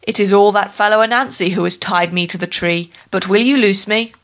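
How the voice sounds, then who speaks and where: A woman's voice: mid-range voice, fairly quick, fairly bright tone, lightly acted. A woman voicing a proud, hungry male lion in a storybook tale, blunt and boastful. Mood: pleading.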